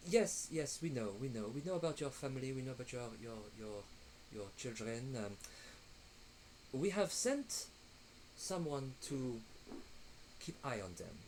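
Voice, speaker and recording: A man voicing a brisk, formal female elf agent in a tabletop game, with faint background noise. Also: mid-range voice, expressive, darkish tone, natural voice, poor audio. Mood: reassuring. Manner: stiff, formal, then flustered whispering.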